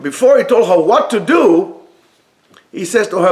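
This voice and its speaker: A man with a fairly high voice teaching a Torah class. He talks in a lively way, acts out the text's dialogue, and moves between Hebrew quotes and plain explanation. He is recorded indoors in a yeshiva study room. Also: unhurried.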